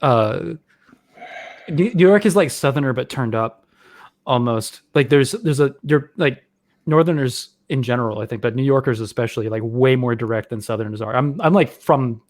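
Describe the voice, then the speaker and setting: A man's voice: medium pitch, moderate pace, a little mellow, no room sound. Hesitant man. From Atlanta. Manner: hesitant, filler-heavy storytelling. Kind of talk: casual chat. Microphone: video call.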